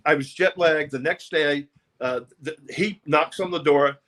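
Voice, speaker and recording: Male interview guest, storyteller, profane and animated; high, bright voice. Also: unhurried. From New York. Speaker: interview guest, music producer.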